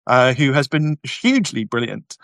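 A YouTube host reads viewer comments during a casual livestream and answers bluntly with sardonic asides. His mid-range voice is sing-song, creaky, and fairly bright, at a moderate pace, with no room sound.

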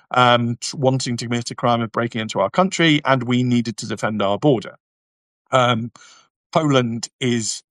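Recorded dry, a man with a medium-pitched, fairly bright voice hosts a casual YouTube livestream. He reads viewers' comments and fires back blunt replies along with sardonic asides.

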